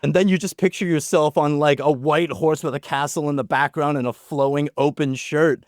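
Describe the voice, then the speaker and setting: A man's voice: on the high side, moderate pace, no echo, clean studio sound. A man chatting as a podcast guest, telling a story and acting out the voices of the people in it, with loose, filler-heavy phrasing. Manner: animated storyteller, acts out quoted voices. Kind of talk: casual chat.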